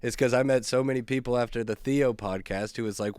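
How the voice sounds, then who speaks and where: A man's voice: mid-range voice, fairly even intonation, brisk, darkish tone, no room sound, clean studio sound. A male comedian hosting his own podcast, telling stories alone in a laid-back, rambling, profane, self-mocking way. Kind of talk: casual solo podcast storytelling.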